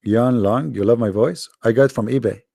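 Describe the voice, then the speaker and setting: A man hosting a live debate stream, tired and hoarse, talking in a sarcastic, taunting way. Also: medium pitch, a little fast, mellow, no room sound, studio quality. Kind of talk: casual mocking live-stream talk. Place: quiet room at home.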